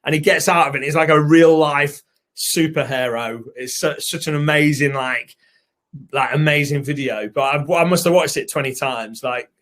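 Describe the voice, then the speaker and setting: A man's voice: fairly high pitch, moderate pace, a bit bright. A British man with a somewhat raised voice hosts a live webinar. He talks in a chatty, rambling way and greets viewers one by one. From United Kingdom. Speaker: co-host and co-founder.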